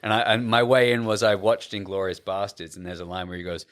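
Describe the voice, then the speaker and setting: A man's voice: on the low side, level tone, brisk, few pauses, a bit bright, no room sound, studio quality. An Australian actor, a man, chatting animatedly as a podcast guest, with lots of restarts. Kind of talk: casual podcast chat.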